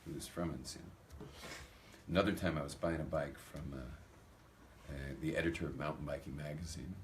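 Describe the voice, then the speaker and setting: Deep voiced guy telling stories to a crowd, acts out both sides of the talk, a little background hiss. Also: moderate pace. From United States. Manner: animated anecdotal storytelling, acts out dialogue. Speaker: rabbi giving a talk. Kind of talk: storytelling talk to a live audience.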